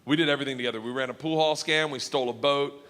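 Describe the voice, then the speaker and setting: A man's voice: medium pitch, steady tone, rapid-fire, noisy background. A middle-aged man telling a rowdy, profane stand-up story, often laughing through his lines. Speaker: stand-up comedian.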